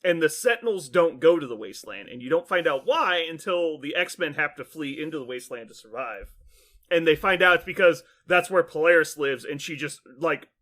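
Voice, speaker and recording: Animated, laughing man recapping a story. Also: a little high, brisk. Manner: animated storyteller, acts out lines, laughs often, many fillers. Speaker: podcast host. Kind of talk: casual chat, recapping a cartoon plot.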